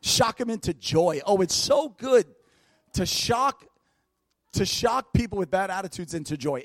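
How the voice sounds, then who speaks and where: A man preaching a storytelling sermon at a church service, lively, laughing often and breaking into shouts. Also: high-pitched, unhurried, no room sound. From United States.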